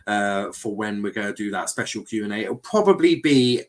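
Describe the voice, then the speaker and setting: A man's voice: on the low side, animated, normal speed. A man hosting a casual panel chat, reading out chat comments and teasing his co-host. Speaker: show host.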